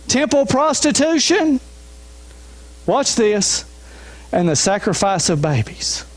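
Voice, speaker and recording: A man's voice: sits high, sing-song, slow. A man, a pastor, preaching an emphatic sermon with repeated refrains. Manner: emphatic, repeats refrains, urges listeners to listen.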